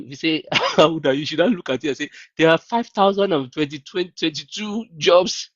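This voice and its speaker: A man hosts a casual livestream, animated and incredulous, often mimicking others in a raised voice. His mid-pitched voice sounds dry and close, with a slightly dull, lo-fi edge. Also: moderate pace, no echo. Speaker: livestream host. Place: New Zealand.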